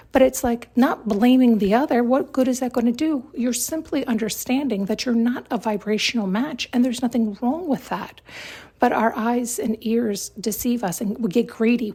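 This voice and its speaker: A woman's voice: fairly high pitch, moderate pace, mellow, husky. A woman hosting a podcast and giving an emphatic self-help monologue, repeating herself and often checking in with "right?". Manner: emphatic, repetitive, frequent tag questions. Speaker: podcast host.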